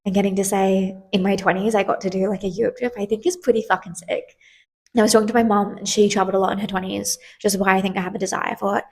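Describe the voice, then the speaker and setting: A woman's voice: mid-range voice, flat delivery, fast, gravelly, darkish tone, breathy edge. A woman in her twenties hosting a podcast, talking candidly and chattily with lots of fillers and casual swearing. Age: 20s. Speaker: podcast host. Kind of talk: casual solo podcast chat.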